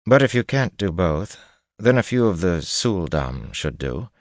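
A man voicing a cool, scheming noblewoman who speaks smoothly and primly in an audiobook reading. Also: low voice, very animated, unhurried, no room sound, studio quality, pitched above the performer's own voice. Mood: cool, probing.

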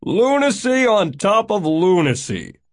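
A sour, slumped older man who grumbles his curt lines low and slow, as a male reader puts him on. His voice drops below the reader's own and drags. The delivery swings with a lively rise and fall. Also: vocal fry, exaggerated voice. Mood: grumbling.

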